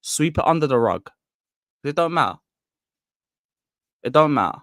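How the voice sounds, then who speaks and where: A man's voice: fairly high pitch, very animated, normal speed, no room sound, clean studio sound. A man hosting a football live stream, ranting bluntly and angrily at his chat.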